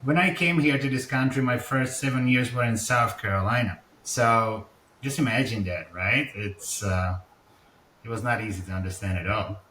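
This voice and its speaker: A man with a Czech accent, a guest on a podcast, talking in a good-humoured, deliberate way and joking about himself. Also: medium pitch, sharp tone, slight background noise. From Czech Republic. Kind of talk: podcast interview. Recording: echoey, distant from the mic.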